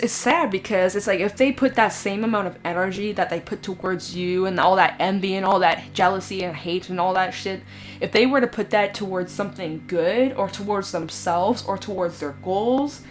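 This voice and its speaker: Woman doing a tarot reading, talks casual and blunt, cusses a lot, says like and um constantly, soft music in the back. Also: medium pitch, moderate pace. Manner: chatty, frank, swears casually, many fillers. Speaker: tarot reader.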